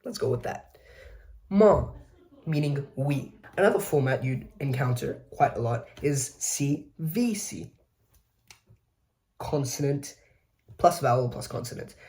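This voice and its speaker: A man's voice: medium pitch, animated, a little slow, long pauses, darkish tone. A man giving a casual educational explainer, with chatty, self-mocking asides and frequent mid-sentence corrections. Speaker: video essay host.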